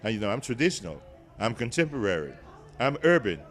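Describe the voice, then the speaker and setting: A man's voice: medium pitch, sing-song, fast. An older man from Nashville with a Southern accent, a guest chatting playfully and teasing in an interview at an event. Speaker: guest, TV show host. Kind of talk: casual interview chat. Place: event venue, indoors.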